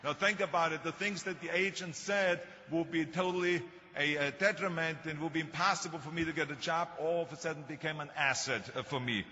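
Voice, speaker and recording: A man's voice: on the high side, brisk, hardly any pauses, pushed and bright, a little hiss or hum. An older man with a thick Austrian German accent gives a motivational speech, telling stories with dry humor. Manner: storytelling with humor. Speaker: speaker. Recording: muffled hall recording.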